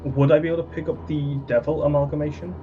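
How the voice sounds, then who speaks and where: A man's voice: on the high side, flat delivery, fast. A man playing a tabletop role-playing game, thinking aloud in a hesitant way full of fillers. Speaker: player. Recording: muffled audio with background music.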